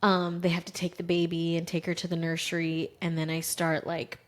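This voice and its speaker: A woman's voice: on the low side, a little fast. A woman in her thirties co-hosting a podcast, telling a personal story in casual chat and acting out what people said. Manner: lively storyteller who acts out quoted voices. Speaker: podcast co-host.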